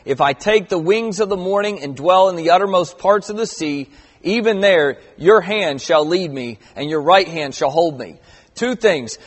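A middle-aged man delivers a sermon with a rather high voice, easygoing yet stressing key phrases hard as he reads scripture aloud. His voice carries a long reverb, as if in a large hall. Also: slightly rough. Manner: conversational preaching with emphatic stresses and scripture reading. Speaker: pastor.

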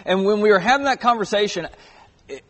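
A man's voice: high-pitched, animated, brisk, fairly bright tone. A man in his thirties preaching a sermon in a church auditorium, earnest and stressing key words. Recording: long hall reverb.

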